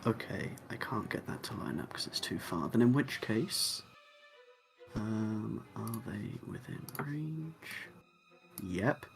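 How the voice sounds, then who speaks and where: A man's voice: on the low side, lively intonation, slow, gravelly, faint music behind. A man playing a tabletop game, talking casually and taking his time over his moves. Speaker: player.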